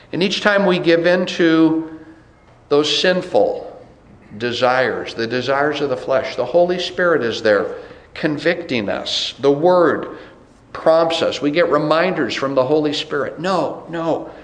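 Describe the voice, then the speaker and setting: A man preaching a sermon as pastor, emphatic and repeating phrases for stress. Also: on the high side. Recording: roomy echo.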